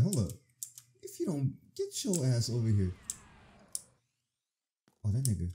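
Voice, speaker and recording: A young man gives profane, excited let's-play commentary, talking to the game as he plays. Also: medium pitch, unhurried, long pauses, a little hiss or hum. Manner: profane, animated reactions, talks to the game. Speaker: gaming streamer.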